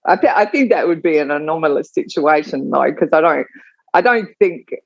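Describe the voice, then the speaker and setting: A woman's voice: deep voice, lively intonation, fairly quick, gravelly, dry recording, muffled recording. A woman in a casual chat who hesitates and restarts often as she pushes back on the others' points.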